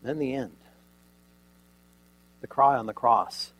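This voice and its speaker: The audio is dull as a man preaches slowly in a mid-range voice. Retelling a scene dramatically, he uses rhetorical questions and sudden shifts from loud emphasis to near quiet.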